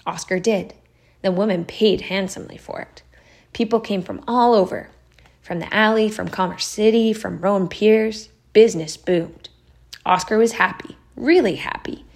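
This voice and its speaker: A woman narrating a storybook aloud in a measured, expressive way. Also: medium pitch, vocal fry.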